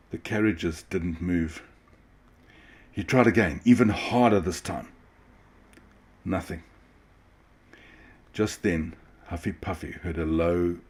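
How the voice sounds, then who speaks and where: A man reading a children's story aloud in a gentle, expressive way. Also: deep voice, husky. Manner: gentle, expressive, occasional restarts.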